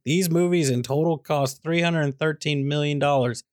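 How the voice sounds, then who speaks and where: A man's voice: fairly high pitch, moderate pace, few pauses, a little mellow, dry recording, clean studio sound. A man co-hosting a casual comedic movie chat, teasing his co-host with mock exasperation. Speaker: podcast co-host.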